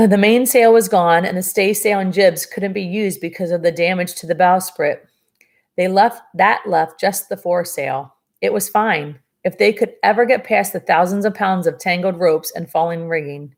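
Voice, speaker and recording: A woman reads a novel aloud in a lower-set voice and stops now and then for casual, chatty asides. Her remarks are dry and sarcastic. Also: normal speed, vocal fry. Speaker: reader of a novel. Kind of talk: reading a book aloud with commentary.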